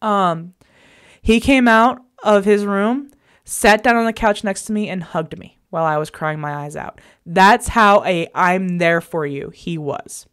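A woman's voice: mid-range voice, measured pace, fairly bright tone, clear, resonant tone. A woman vlogger telling a personal story in an emphatic, exasperated way, recorded in a bedroom at home.

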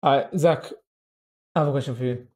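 A man hosting a casual livestream chat, excitable and repetitive, often laughing and calling his friend bro. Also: medium pitch, a little fast, breathy edge. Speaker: livestream host.

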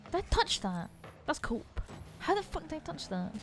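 A young woman commentating her own gameplay, excitable and sweary, often yelling at her teammates. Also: high voice, normal speed, slight background noise. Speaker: gaming streamer.

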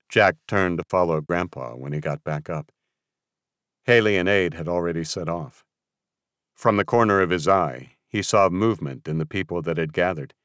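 A man's voice: low-pitched, a bit bright, dry recording, studio quality. A man reading an audiobook aloud as narrator, giving the characters their own voices. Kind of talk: scripted narration.

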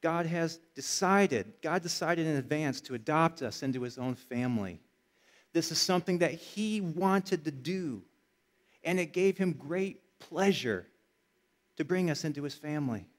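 Middle-aged pastor, fairly high voice, chatty sermon delivery with bursts of punch. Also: male voice, unhurried. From Michigan. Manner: conversational storytelling, builds to energetic emphasis.

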